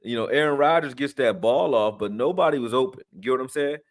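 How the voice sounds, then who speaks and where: Tired and yawning, a sports livestream host breaks down game film in a slangy, rambling manner, with plenty of fillers and restarts. His mid-range voice moves at a quick pace.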